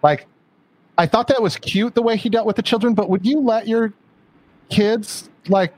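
A man's voice: sits high, moderate pace, a little mellow. A man co-hosting a podcast who keeps the talk moving with easygoing questions. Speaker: podcast co-host. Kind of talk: casual podcast chat.

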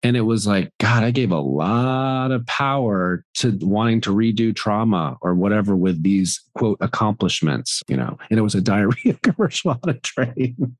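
A middle-aged man speaking candidly as a guest in a podcast conversation, animated and laughing often, acting out the voices he quotes. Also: fairly low pitch, normal speed, no room sound.

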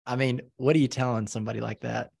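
A man's voice: mid-range voice, level tone, quick pace, creaky, a little mellow, slightly rough, no echo, studio quality. A man co-hosting a podcast, bantering in a slangy, joking, fired-up way. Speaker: podcast co-host.

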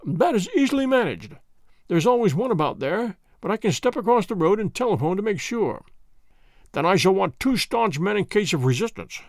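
A man's voice: high-pitched, big pitch swings, normal speed, dry recording, studio quality. A man voicing a bluff, hearty police inspector with a blustering manner. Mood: businesslike.

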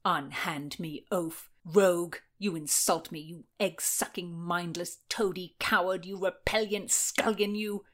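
A woman's voice: lowish voice, normal speed, few pauses, lightly acted. A woman voicing a touchy young male nobleman who sputters indignant insults in an audiobook. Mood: furious. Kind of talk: audiobook character voice.

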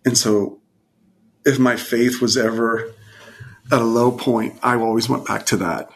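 A man's voice: mid-range voice, steady tone, unhurried, creaky. Earnest man in his fifties. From California. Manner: earnest and heartfelt, voice falls to a hushed near-whisper at tender moments. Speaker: guest. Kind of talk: emotional personal testimony in conversation.

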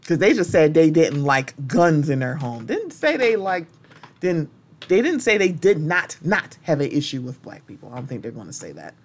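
A woman's voice: low voice, sing-song, moderate pace. A woman hosting a solo podcast, talking in an impassioned, blunt way and not holding back on strong language. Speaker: podcast host.

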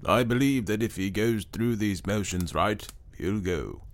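A man voicing a frightened, earnest gentleman who speaks with intensity. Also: on the low side, a little slow, close to an everyday voice.

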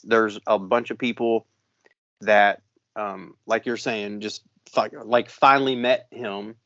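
A man's voice: fairly low pitch, steady tone, slow, sharp tone, dry recording, highs cut off. A man co-hosting a podcast in casual chat, rambling and swearing constantly. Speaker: podcast co-host.

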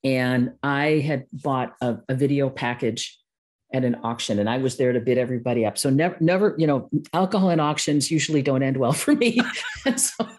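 A woman's voice: rumbling low, brisk, a little mellow. A woman from the US Midwest with a Midwestern accent, a guest expert in casual, self-deprecating interview chat who laughs often. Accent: Midwestern American. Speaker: guest, course-creation expert.

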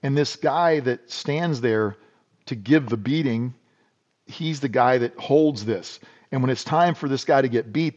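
In a casual storytelling interview, a middle-aged American guest on a podcast rambles folksily through his stories, full of "you know." His voice is mid-range and a little mellow, and the audio is dull and lo-fi.

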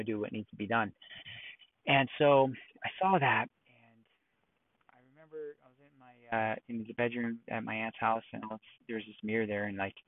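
A man hosting a podcast, telling a rambling personal story with many fillers while driving in a car. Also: fairly low pitch. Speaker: podcast host. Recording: tinny phone-like audio.

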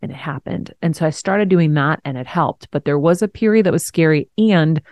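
A woman in her forties hosting a podcast, telling a personal story in a frank, animated way, laughing now and then. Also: low-pitched, brisk, dry recording. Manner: frank, animated, swears and laughs while telling hard news. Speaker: host. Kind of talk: candid conversational storytelling.

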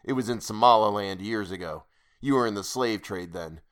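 A man's voice: fairly low pitch, normal speed, fairly bright tone, clear, resonant tone, natural voice. A man reading the lines of a blunt, snarling American adventurer in an audiobook story. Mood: angry.

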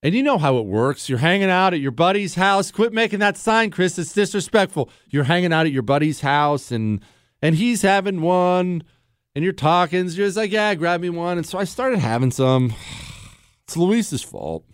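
A male talk show host with a lively, swinging delivery, tossing off sarcastic jokes and teasing his producer. His voice is dry and close, recorded on a studio microphone with no room around it. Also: high-pitched, moderate pace, clean tone, no echo. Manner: sarcastic, joking banter with producer. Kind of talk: talk radio monologue.

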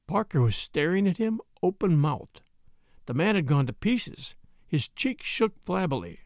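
Gravelly, expressive male audiobook narrator. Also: a little high, moderate pace, dry recording, clean studio sound.

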